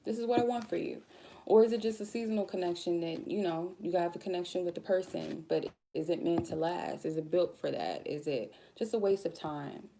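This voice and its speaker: A woman's voice: on the low side, a little fast, vocal fry, few pauses, noisy background. A woman tarot reader giving a casual spiritual talk, blunt and goofy, swearing freely.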